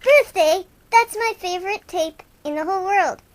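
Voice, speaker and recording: A woman's voice: very high-pitched, normal speed, a little hiss or hum. A woman hosting an improvised comic radio show, playing two goofy young male rock-fan buddies in rambling, self-mocking banter.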